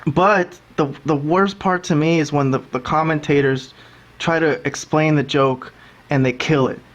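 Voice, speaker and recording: A man's voice: fairly high pitch, steady tone, normal speed. A man hosting a wrestling review podcast, talkative, ranting and mimicking commentators. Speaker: podcast host. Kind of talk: casual wrestling review chat.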